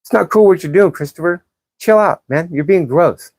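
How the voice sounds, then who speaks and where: A woman's voice: on the low side, normal speed, a little mellow, no echo. A woman hosting a livestream, reading chat comments and answering them in a blunt, profane, sarcastic way. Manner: combative, sarcastic, calls out commenters. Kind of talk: live-stream commentary.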